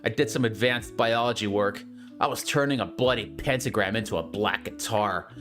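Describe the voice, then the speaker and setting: A man hosting a comedic reading of fanfiction aloud, mock-serious and deadpan, with sarcastic asides. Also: fairly low pitch, normal speed, music in the background.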